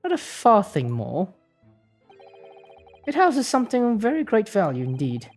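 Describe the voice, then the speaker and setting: A woman's voice: medium pitch, wildly swooping pitch, a little slow, darkish tone, faint music behind. Woman doing a fussy Victorian pawnbroker man. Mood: haggling. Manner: stiff, haggling, old-fashioned formal.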